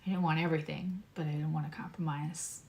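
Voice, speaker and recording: A woman's voice: sits low, steady tone, brisk, gravelly, a little mellow, slight background noise. A woman astrologer giving a casual, earnest tarot reading, speaking straight to her viewers in a reassuring way.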